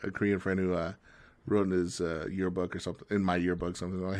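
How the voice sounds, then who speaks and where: A man co-hosting a podcast in casual chat, telling stories in a halting way with many fillers. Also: deep voice, level tone, a little mellow. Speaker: podcast co-host.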